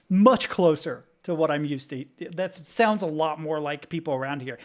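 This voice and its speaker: A man's voice: fairly high pitch, normal speed, few pauses. A man from Kentucky reacting casually to videos as a streamer, chatty, swearing freely and laughing often.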